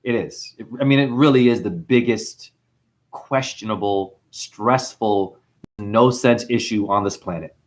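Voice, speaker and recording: A New Zealand man with a lowish voice and measured pace runs a livestream monologue. He reads chat messages, rambling and preaching, and calls his listeners "honey."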